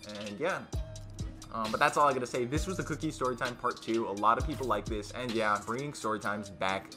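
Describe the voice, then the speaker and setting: Teen boy YouTuber, rambling casual storyteller who gets loud when quoting friends; mid-range voice over background music. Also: mid-range voice, fairly quick. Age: teens.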